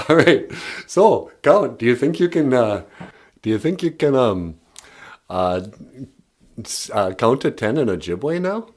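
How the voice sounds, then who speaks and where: A man co-hosting a podcast in easygoing, halting casual chat with many fillers. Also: medium pitch, sing-song, darkish tone. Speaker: podcast co-host. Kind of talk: casual comedic radio chat.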